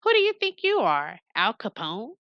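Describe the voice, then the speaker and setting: A woman voicing a mischievous teenage girl with a menacing streak, reading a visual novel aloud, with teasing jabs that turn flat and cryptic. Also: fairly high pitch, normal speed, dry recording, muffled recording, pitched above the performer's own voice.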